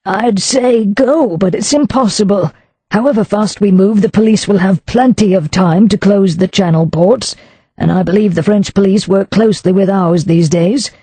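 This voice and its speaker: A woman's voice: medium pitch, normal speed, mellow, slightly rough, no echo, natural voice. A woman narrator playing a proud older earl who speaks formally and stiffly. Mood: stern.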